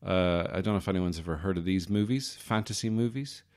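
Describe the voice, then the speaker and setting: Deep-voiced man rambling wryly. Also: fairly quick, darkish tone. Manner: wry, self-deprecating, digressive. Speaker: podcast host. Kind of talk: rambling comedic monologue.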